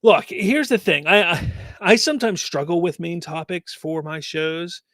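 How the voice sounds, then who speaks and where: A man hosts a live stream from a home setup and rants about fan news with exasperated, rhetorical questions. His voice sits high for a man. It is picked up close on a mic with a dry, dead sound. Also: unhurried, a bit bright, no room sound. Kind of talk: live stream talk, reading chat comments.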